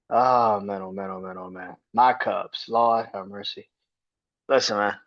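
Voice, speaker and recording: A man's voice: fairly low pitch, fairly even intonation, slow pace, highs cut off. A man hosting a casual sports podcast, ranting in an exasperated, profane and repetitive way. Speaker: podcast host.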